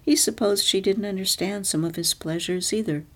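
A woman narrating a literary story aloud in a measured, even reading. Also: mid-range voice. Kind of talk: audiobook reading.

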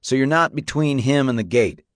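A man voicing a gruff adult horse trainer who talks in short, blunt lines. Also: mid-range voice, expressive, moderate pace, no echo, clean studio sound, pitched above the performer's own voice, natural voice. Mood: curt. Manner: terse, blunt remarks.

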